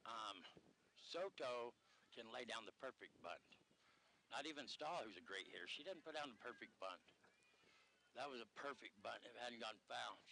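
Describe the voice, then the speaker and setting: A man calling a local softball game on the radio, joking and rambling between pitches at an outdoor field. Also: animated, normal speed, vocal fry, a little hiss or hum, poor audio. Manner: jokey, rambling banter. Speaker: radio sports commentator.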